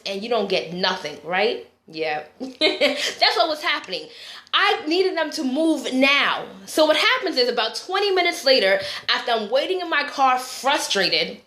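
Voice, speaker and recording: A woman life coach telling a story in an animated live-stream motivational talk, often checking in with "right?". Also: on the high side, echoey room.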